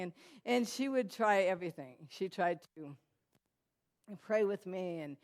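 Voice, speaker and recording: A woman's voice: lowish voice, lively intonation, measured pace, a little mellow. A woman giving a personal testimony to a church audience, telling her story in a conversational way with many fillers and restarts and talking directly to the listeners. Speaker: guest speaker. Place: church hall.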